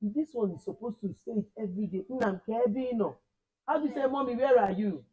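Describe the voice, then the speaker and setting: High-voiced teacher drilling children. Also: male voice, fast, mellow, rough recording. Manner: quizzes children, repeats and corrects phrases; switches between Igbo and English. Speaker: Igbo language teacher. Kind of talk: classroom teaching.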